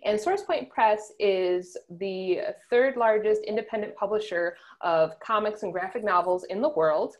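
A woman's voice: mid-range voice, measured pace, few pauses, a little mellow. A woman being interviewed as a guest on a podcast, talking in an upbeat, easygoing way. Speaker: guest, comic book writer. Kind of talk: casual interview chat.

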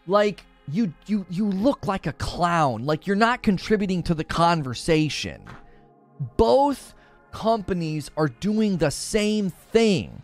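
A male streamer with a fairly high voice gives slow, heated gaming commentary, his pitch swinging widely as he argues. He's animated and sarcastic, mocking viewers in put-on voices, while soft music plays faintly behind him.

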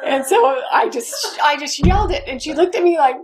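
A middle-aged woman with a high, light voice tells a personal story. She talks with strong emotion and leaps into loud, high-pitched outbursts at the tense points. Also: animated, normal speed, slight background noise. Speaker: speaker sharing a personal story. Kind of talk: personal testimony talk.

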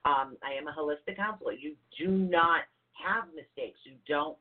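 A woman who is a holistic counselor, co-hosting a casual chat on spiritual growth in a chatty, animated way. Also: deep voice, moderate pace. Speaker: podcast co-host, holistic counselor. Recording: tinny phone-like audio.

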